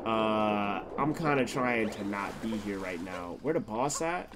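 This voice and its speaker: A man streaming a video game live, reacting loudly and crudely and talking back to the characters on screen. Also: on the low side, animated, measured pace, over music. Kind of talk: live gameplay commentary.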